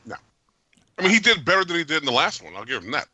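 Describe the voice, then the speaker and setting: A man hosting a podcast, giving an animated, jokey and opinionated movie review with frequent laughs. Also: a little high, racing, dry recording. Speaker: podcast host. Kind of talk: casual movie review chat.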